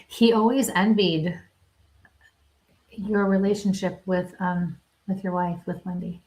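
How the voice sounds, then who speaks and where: Giving live psychic readings, this medium talks in a fairly low, steady voice with a darkish tone. She speaks haltingly, pausing often and letting out small laughs.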